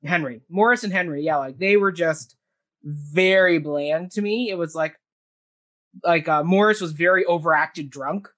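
A man's voice: on the high side, moderate pace, a bit bright. A man chatting casually on a podcast, reviewing a play with strong opinions and plenty of fillers and restarts. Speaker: theatre reviewer.

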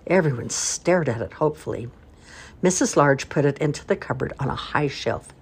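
An older woman reads a children's picture book aloud with an expressive, warm storytelling manner. Her voice is low and husky and rises and falls with lively movement. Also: normal speed. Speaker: grandmother reading aloud.

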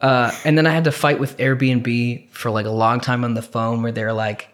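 A man's voice: medium pitch, level tone, moderate pace, a bit bright. A young man co-hosting a podcast, telling a long story in casual chat, rambling with restarts and swearing freely. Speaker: podcast co-host.

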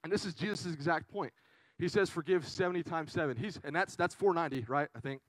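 A young man preaching to a youth group, telling a funny story in an animated, chatty way with lots of "right?". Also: on the high side, fast talker, no room sound, low-quality recording. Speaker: youth pastor. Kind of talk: casual storytelling sermon.

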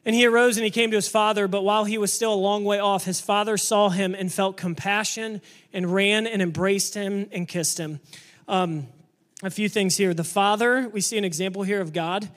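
A man preaching a sermon to a church congregation, energetic and emphatic, sometimes building up to shouting. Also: sits high, moderate pace. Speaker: pastor.

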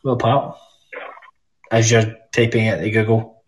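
A Scottish man with a lowish, breathy-edged voice speaks at a measured pace in a level tone. Hosting a casual call-in podcast, he teases callers with nonstop swearing and mock-aggressive banter.

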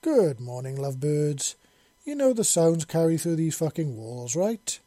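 A man's voice: on the high side, big pitch swings, measured pace, mellow, no room sound, pitched above the performer's own voice. A man voicing a cocky, crude male creature who teases and swears. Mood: teasing.

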